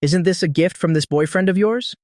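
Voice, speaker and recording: A haughty, spoiled young man snaps and sulks with resentment, as a man reads him aloud. The voice sits fairly high for a man. It is recorded dry and close, with no room sound. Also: fairly quick, a little mellow, dry recording, lightly acted. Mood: petulant. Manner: petulant, resentful. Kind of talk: audiobook dialogue.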